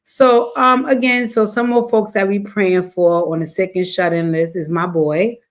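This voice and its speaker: A woman's voice: medium pitch, fairly even intonation, a little slow. A woman hosting a casual commentary stream, weary and exasperated, repeating herself as she reacts to clips.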